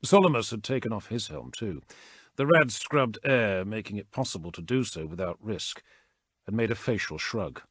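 Male narrator, low and lively in pitch, dry close recording. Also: slightly rough, no room sound. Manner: steady, measured storytelling. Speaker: audiobook narrator. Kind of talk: scripted narration.

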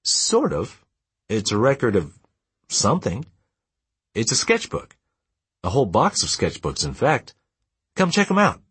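A man reading an audiobook, voicing an eager grown son who calls out excitedly, his voice lifted well above his own. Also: low-pitched, slightly rough, dry recording, full character voice. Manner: excited, calls out, quick exclamations.

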